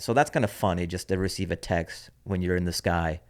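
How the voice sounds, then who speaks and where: Laid-back man with a low voice. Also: fairly even intonation, a little fast, darkish tone. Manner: storytelling, wry and offhand. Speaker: comedian podcast host. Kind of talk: casual rambling monologue.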